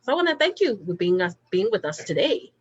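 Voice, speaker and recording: A woman from the Caribbean hosting an online interview, slightly hoarse from a cold, speaking emphatically and repeating her thanks. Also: medium pitch, very animated, fast, muffled recording. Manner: warm, repetitive thanking, emphatic. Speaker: host.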